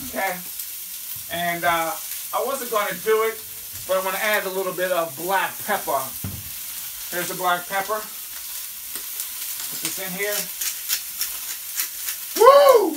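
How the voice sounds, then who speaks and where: A chatty home cook in a kitchen demonstrates a recipe in a relaxed, folksy way, often asking "okay?" and breaking into loud whoops. The voice sits at a middling pitch and comes from a mic set well back. The room is echoey, and frying pans sizzle throughout. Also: far from the mic, background noise. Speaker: home cooking show host. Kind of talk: casual cooking demonstration. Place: kitchen at a stove.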